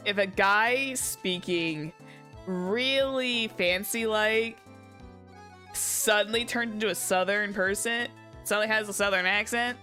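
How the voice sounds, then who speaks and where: A woman VTuber streamer with a medium-pitched, pushed, bright voice chats casually while playing a game. Her commentary rambles, she jokes, and she swears now and then.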